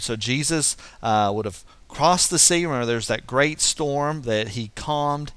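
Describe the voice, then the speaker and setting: Here a man's medium-pitched, fairly bright voice moves unhurriedly with few pauses as he walks through scripture one verse at a time. His explanations unfold as thinking aloud, with frequent restarts, captured in a dry recording.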